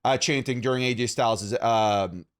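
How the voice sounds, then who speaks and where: A man from Canada co-hosting a podcast, talking in an excitable, animated way and often saying "dude". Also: medium pitch, normal speed, clear, resonant tone. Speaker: podcast co-host. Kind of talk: casual chat.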